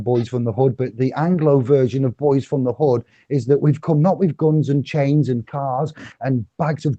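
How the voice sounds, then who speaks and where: Dark-voiced male host. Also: medium pitch, no room sound, muffled recording. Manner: rambling, chuckling, many fillers. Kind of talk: casual online chat show.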